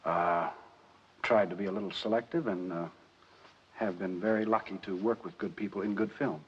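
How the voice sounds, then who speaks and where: A man from the United States, a film actor answering interview questions deliberately, pausing often, in a dull lo-fi 1960s recording. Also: low-pitched, fairly even intonation, husky. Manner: deliberate, pauses with many fillers.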